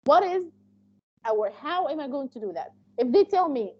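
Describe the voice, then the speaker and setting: A high-pitched woman giving a live training lecture, her tone dark and mellow. She explains at length and keeps restarting her sentences with fillers. The sound is dull and lo-fi. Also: expressive, moderate pace, slightly rough. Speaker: interpreting instructor.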